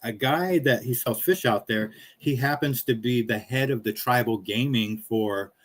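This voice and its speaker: A man's voice: medium pitch, moderate pace, breathy edge. A man hosting a casual chat, telling stories in an easygoing, chatty way. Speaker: podcast host.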